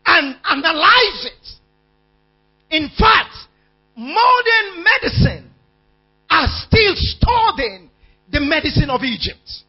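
A man preaching a sermon, calling out questions to the congregation and shouting key words. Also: very high-pitched. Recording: dull lo-fi sound with mains hum.

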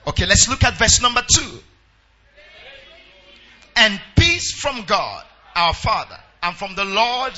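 A man's voice: high voice, sing-song, takes it slowly, long pauses, sharp tone, dull audio. A Nigerian pastor preaching a sermon. He half-sings scripture verses in a sing-song chant and calls out to his congregation.

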